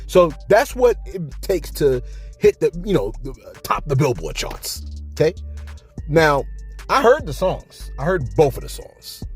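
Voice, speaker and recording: A man talks straight to camera in a loose, jokey vlog style, reading out comments and answering them. His middle-pitched voice swings up and down in lively arcs as he hammers his points home through repetition. Faint music sits underneath. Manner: animated, argues with himself, jokey asides; emphatic, repeats himself for effect. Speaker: vlogger reading viewer comments. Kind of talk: casual commentary.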